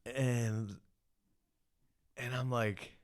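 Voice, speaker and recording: Smooth-voiced man telling a rambling story. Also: mid-range voice, little pitch movement, drawn-out words. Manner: rambling storyteller, many restarts and "like". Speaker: podcast co-host. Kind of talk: casual chat.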